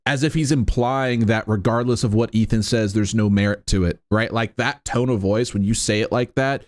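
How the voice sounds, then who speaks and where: A man's voice: fairly low pitch, moderate pace, a little mellow. A man hosting a reaction commentary, talking in an incredulous, sarcastic way and leaning on "right?" and "like" between points. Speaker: commentary host.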